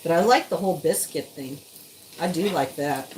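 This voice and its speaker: A woman's voice: low-pitched, normal speed, slight background noise, low-quality recording. A woman chatting to her viewers while she cooks on a live stream, sometimes stepping away from the mic. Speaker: live-stream cooking host. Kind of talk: casual live-stream cooking chat.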